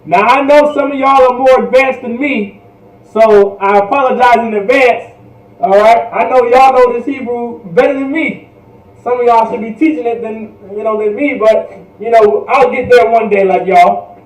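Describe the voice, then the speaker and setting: A man teaching an online language class in a patient, repetitive way, drilling words slowly and checking "all right?" often. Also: very high voice, reverberant, far from the mic, poor audio.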